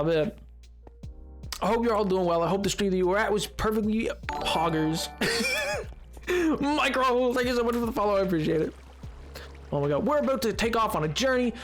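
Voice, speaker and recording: A man streaming a game live and chatting with his viewers, hoarse from hours of talking, animated and self-mocking, breaking into laughter often. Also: sits high. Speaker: livestreamer. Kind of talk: casual gaming livestream chat.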